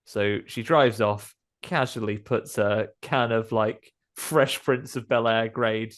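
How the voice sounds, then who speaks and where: Male podcast host, comic film recapper, does quick character voices. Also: on the low side, fairly even intonation. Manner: jokey recapping, acts out characters in quick asides. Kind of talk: casual film recap chat.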